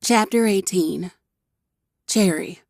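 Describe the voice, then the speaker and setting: A woman narrating a first-person audiobook with wry, expressive storytelling. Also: mid-range voice, takes it slowly, creaky, no room sound, studio quality.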